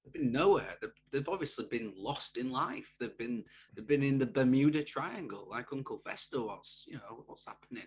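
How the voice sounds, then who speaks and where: A man's voice: medium pitch, animated, moderate pace, few pauses, slightly rough. A man with a Northern English accent, co-hosting a casual sports podcast with playful, teasing banter. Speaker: podcast co-host.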